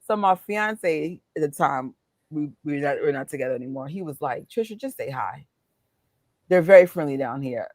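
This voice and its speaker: A young woman from New chats casually as a co-host, her New plain in every line. She tells her stories with animated energy, laughs often and acts out the exchanges. Her voice is recorded close and dry, with no room sound. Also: deep voice, normal speed, no echo. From New York. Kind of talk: casual chat.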